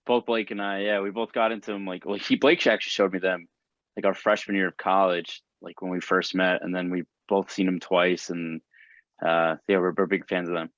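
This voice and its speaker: A young man with a very low voice talks in a relaxed, rambling way, full of fillers. The recording is dry and somewhat dull. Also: a little fast, dry recording. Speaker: band member. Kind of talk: casual interview chat.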